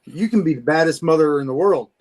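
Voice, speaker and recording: Guest, male, fairly high voice, excitable storyteller who stumbles over his words. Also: fast. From Florida. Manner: animated, stammering restarts, laughs at himself. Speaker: Bigfoot investigator guest. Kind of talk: casual storytelling interview.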